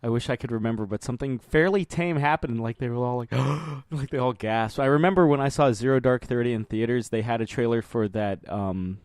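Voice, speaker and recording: A man's voice: mid-range voice, fast talker, hardly any pauses, a little mellow, clean tone, no room sound, studio quality. Rambling, laughing man in casual chat. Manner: rambling, laughs often, loose and profane. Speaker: podcast co-host.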